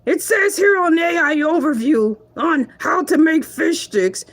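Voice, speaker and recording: Hercules, a cocky shark who hosts his own live show, put on by a woman. His voice sits very high and quavers as he rants in mock outrage, then cracks up laughing. He boasts about himself and chats straight to his viewers. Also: lively intonation, a little slow. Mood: wry. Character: brash self-proud male shark show host. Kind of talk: live-stream comedy monologue.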